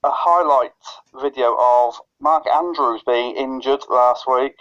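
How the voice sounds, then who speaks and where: A man's voice: mid-range voice, takes it slowly, fairly bright tone. A man co-hosting a podcast in casual chat, often stuttering and restarting his phrases. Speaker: podcast co-host. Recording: lo-fi dull recording.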